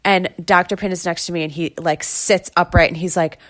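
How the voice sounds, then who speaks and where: A woman's voice: on the low side, steady tone, fairly quick, fairly bright tone. A woman in her thirties from New York hosting her own podcast, chatting and gushing as she retells stories. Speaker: podcast host. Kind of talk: casual solo podcast chat.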